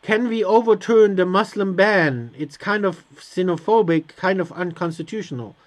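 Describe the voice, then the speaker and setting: A high-pitched man speaking at normal speed hosts a let's play. In casual gameplay commentary, he reads the on-screen game text aloud and responds with hesitant, sarcastic asides.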